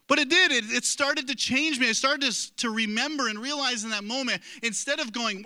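Bright, high-voiced male pastor preaching. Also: normal speed. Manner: earnest, conversational, self-deprecating. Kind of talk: sermon.

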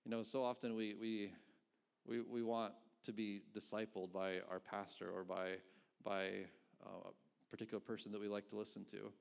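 A man's voice: on the low side, level tone, moderate pace, creaky, clean tone. A middle-aged man, a pastor, preaching a conversational sermon, asking rhetorical questions and chuckling between points.

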